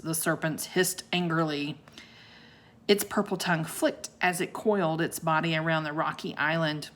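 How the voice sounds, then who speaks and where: A woman reading a children's book aloud like a teacher, unhurried and expressive, with asides to her young listeners. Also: on the low side. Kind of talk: children's storybook read-aloud.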